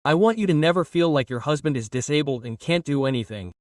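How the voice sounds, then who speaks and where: Gentle rich young husband, read by a narrator. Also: male voice, fairly high pitch, animated, quick pace, dry recording, studio quality, distant mic, close to an everyday voice. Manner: warm and light.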